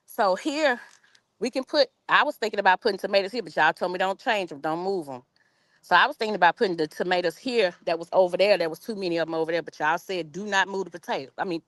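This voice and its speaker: A woman's voice: medium pitch, no room sound. A woman hosting a gardening live stream outdoors in her backyard, chatting casually and reading viewer comments aloud. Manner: chatty, reads viewer comments aloud, informal dialect with y'all. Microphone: phone camera on a tripod.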